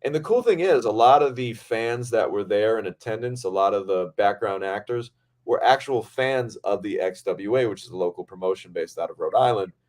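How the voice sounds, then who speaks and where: A man hosting a podcast, telling a set story in a casual, excitable way and swearing freely. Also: lowish voice, normal speed. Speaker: podcast host and film director.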